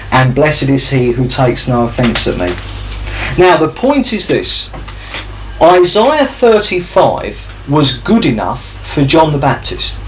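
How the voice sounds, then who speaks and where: A man teaches through a Bible passage and keeps checking that his listeners follow. His voice sits a little high and swings widely in pitch. A faint ambient hiss runs under the recording. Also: poor audio. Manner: lively, conversational, checks in with listeners. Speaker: preacher.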